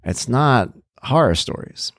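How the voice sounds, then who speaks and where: A man's voice: mid-range voice, lively intonation, takes it slowly, gravelly, no echo, clean studio sound. A middle-aged man earnestly telling his own life story as a parent, candid and reflective. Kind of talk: personal storytelling.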